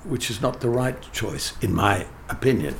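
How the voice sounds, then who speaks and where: A man's voice: lowish voice, expressive, normal speed, vocal fry, a little hiss or hum. An older man, a theatre director telling emphatic anecdotes in an interview, often restarting his sentences. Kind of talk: interview conversation.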